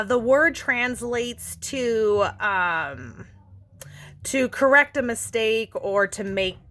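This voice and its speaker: Gentle earnest woman explaining. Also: a little high, slight background noise. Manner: gentle, earnest, many fillers and restarts. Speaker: self-help vlogger. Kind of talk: casual instructional talk to camera.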